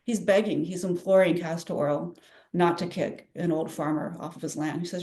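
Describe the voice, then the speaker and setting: Woman presenter, lively, slightly low voice, fillers. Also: normal speed. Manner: animated, enthusiastic, with frequent fillers. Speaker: presenter at a public domain celebration. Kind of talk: presentation talk.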